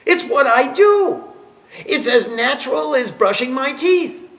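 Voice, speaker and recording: A man teaching a devotional class as a spiritual teacher, animated and emphatic, laughing as he tells stories. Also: very high voice, a little slow. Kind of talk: devotional class lecture with storytelling.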